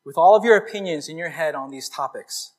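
A male pastor giving a conversational, animated sermon to his congregation. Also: fairly high pitch, brisk.

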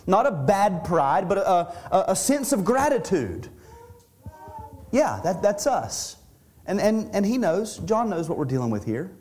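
A middle-aged male pastor delivering an expository sermon with a slightly higher-pitched voice. He speaks earnestly and conversationally, restarting phrases and repeating words as he works through his point. His pace swings between quick asides and slow emphasis. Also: darkish tone.

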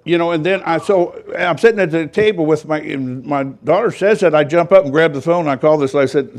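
A man's voice: on the high side, fairly quick, few pauses. An older man, a pastor, telling a story in a rambling, folksy sermon with self-deprecating humor.

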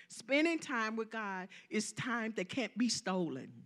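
A woman preaching a sermon, calling out to the congregation and repeating lines for emphasis, swinging from loud to soft. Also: a little high, lively intonation, moderate pace, hardly any pauses.

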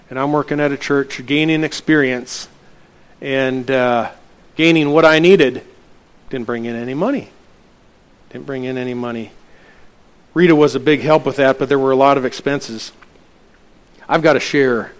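Middle-aged pastor preaching a story. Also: male voice. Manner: storytelling, acting out dialogue with lifted pitch. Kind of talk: sermon.

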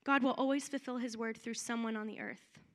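Young female preacher, bright and a bit high, chatty and animated delivery. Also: fairly quick. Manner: animated, conversational preaching with acted-out quotes. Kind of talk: sermon.

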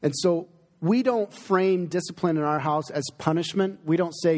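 A middle-aged man, a pastor, preaching an earnest, emphatic sermon with pauses for effect. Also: a little high, a little mellow. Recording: long hall reverb.

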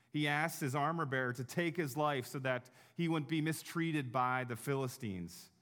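A pastor preaching a sermon in an earnest way, slowing down to stress key words. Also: male voice, on the high side, fairly bright tone. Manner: earnest, slows down for emphasis.

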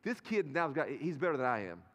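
Pastor preaching in a reverberant church. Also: male voice, a little high, big pitch swings, a little fast, a bit bright. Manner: storytelling, conversational with the congregation. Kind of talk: sermon. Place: large church sanctuary. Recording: live sermon in a reverberant sanctuary.

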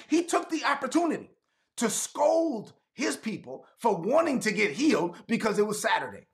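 A fiery male pastor delivering a sermon. His voice sits high and has a gravelly edge. He hammers points home by repeating them and erupts into shouts. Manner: animated, repeats lines for emphasis, bursts into shouts. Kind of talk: energetic sermon.

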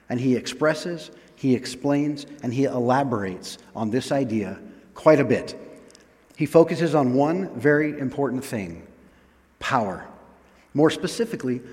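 A man preaching a sermon. He reads scripture slowly, then explains it in a relaxed, chatty way with small laughs. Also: mid-range voice, big-room sound.

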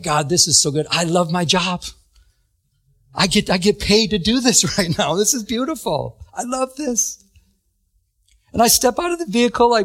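Animated high-voiced man preaching. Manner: animated storytelling, acts out quotes, laughs often. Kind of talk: sermon with personal story.

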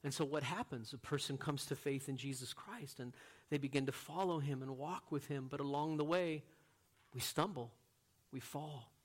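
A man preaching a sermon as a pastor, earnest, moving from loud emphatic lines to quiet, hushed ones. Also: mid-range voice, normal speed.

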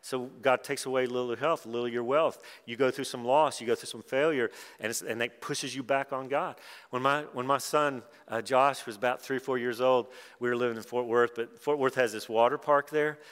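A middle-aged man, preaching a sermon and telling personal stories, dropping quiet and then rising loud and excited. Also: medium pitch, fairly quick, smooth. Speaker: pastor. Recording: long hall reverb.

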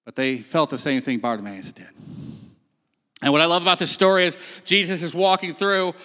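On a stage in a large hall, a man tells a Bible story in a casual, sermon-style way, acting out the quotes. His voice is fairly high, brisk, and sharp, with long hall reverb on the recording.

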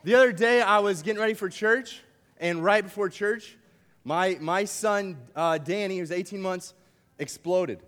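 Animated man preaching in a reverberant hall. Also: high voice, normal speed. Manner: playful, animated, uses props and jokes with the crowd. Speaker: camp speaker. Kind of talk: youth camp sermon. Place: large hall with a live audience.

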